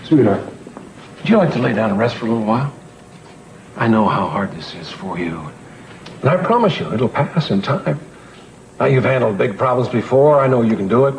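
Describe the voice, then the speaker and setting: A man's voice: mid-range voice, expressive, fairly quick, long pauses, natural voice. A man playing a soothing, insistent father who worries over his daughter in a 1980s TV soap opera. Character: worried protective older father. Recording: noisy TV soundtrack.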